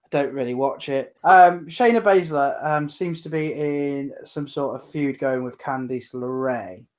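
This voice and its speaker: A man recapping matches in casual chat, hesitant with many pauses and ums. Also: mid-range voice, darkish tone. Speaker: podcast co-host.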